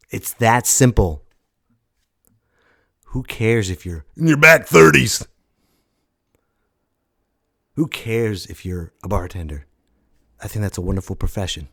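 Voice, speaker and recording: Loud, animated man hosting a solo podcast. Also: fairly low pitch, takes it slowly, gravelly, pauses often, slightly rough. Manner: loud, animated, jokey rambling with sudden shouted bits. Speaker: podcast host. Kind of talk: casual solo podcast monologue.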